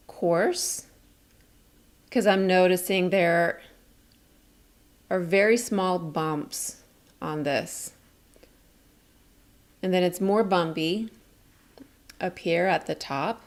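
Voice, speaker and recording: A woman teaching a communication lesson in a calm, clear, explaining way. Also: mid-range voice. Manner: calm, explains slowly and clearly, demonstrates statements. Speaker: communication coach.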